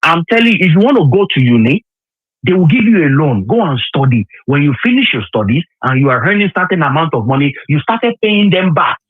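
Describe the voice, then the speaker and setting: A man's voice: on the high side, sing-song, a little fast, husky, dry recording. A Nigerian man on a call, emphatic and repeating himself in heated political chat. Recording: tinny phone line.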